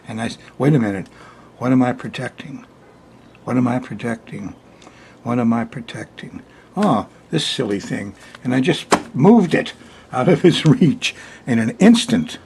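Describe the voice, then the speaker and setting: A man's voice: medium pitch, gravelly, a little hiss or hum. An older man hosting an astrology forecast in a chatty, folksy way, laughing often between points. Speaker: astrologer hosting a weekly sky report. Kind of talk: casual spoken forecast.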